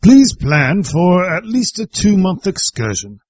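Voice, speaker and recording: A man voicing a formal British male solicitor in a put-on British accent, with slow, pompous legal phrasing. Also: sits high, very animated, a little mellow, dry recording, voice pushed up, full character voice. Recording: dull lo-fi recording.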